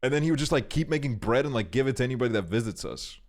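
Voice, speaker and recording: A young man with a mid-range, slightly mellow voice and lively intonation races through long, rambling stories on a stream, packed with fillers and swearing.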